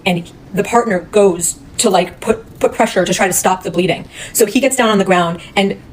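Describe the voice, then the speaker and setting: A woman's voice: medium pitch, moderate pace, slight background noise, poor audio. A woman retelling a true crime case in a casual, blunt, heated way, swearing often.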